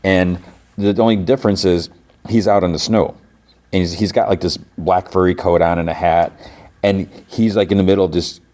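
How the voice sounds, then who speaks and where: Deep-voiced man rambling through a recap. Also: fairly even intonation, fairly quick, dark tone. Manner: rambling, full of "like" and restarts. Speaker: podcast host. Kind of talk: casual recap chat.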